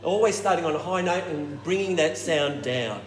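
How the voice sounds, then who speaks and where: A man leading a choir warm-up workshop, explaining technique and showing it with hums and falsetto sounds. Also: moderate pace. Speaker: choir director. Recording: roomy hall with reverb and noise.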